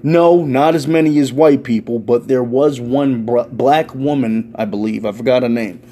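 A young man, delivering a loud, profane rant in a casual stand-up style. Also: mid-range voice, normal speed. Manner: loud, swearing, ranting, animated. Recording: faint background noise.

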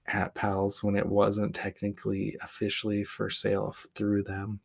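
Male poet-host, lowish voice, loose reflective monologue, blunt and profane. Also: little pitch movement, normal speed, vocal fry, hardly any pauses. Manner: candid, rambling, swears casually.

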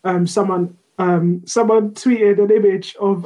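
A woman's voice: medium pitch, a little slow, hardly any pauses, poor audio. A woman co-hosting a casual podcast discussion, reading posts aloud with frequent ums and laughter. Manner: animated, laughs often, trails off with ums. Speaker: podcast co-host.

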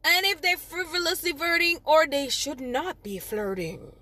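A woman, hosting her own podcast in a rambling, casual solo chat with sudden loud outbursts. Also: sits high, sing-song, moderate pace. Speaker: podcast host.

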